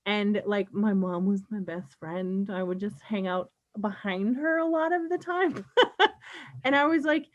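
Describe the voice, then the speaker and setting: A woman co-hosting a casual chat, bubbly and reflective. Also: mid-range voice. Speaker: podcast co-host. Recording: slightly dull, lo-fi sound.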